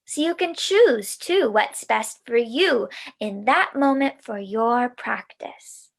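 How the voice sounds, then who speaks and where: Woman, mindfulness teacher for kids, very slow delivery, gravelly fry, gentle and soothing. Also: fairly high pitch, animated. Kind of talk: guided mindfulness lesson for children.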